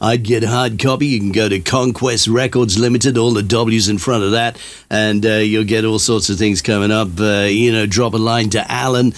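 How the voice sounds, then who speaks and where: A man's voice: lowish voice, steady tone, moderate pace. An older man presenting a radio show in a rambling, chatty way full of fillers.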